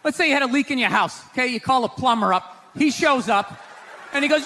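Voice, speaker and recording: Ranting male stand-up comic, high voice. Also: expressive, brisk. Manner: ranting, sarcastic, shouts punchlines. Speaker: stand-up comedian. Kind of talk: stand-up routine. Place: live comedy stage. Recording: live stage with crowd and noise. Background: audience laughter.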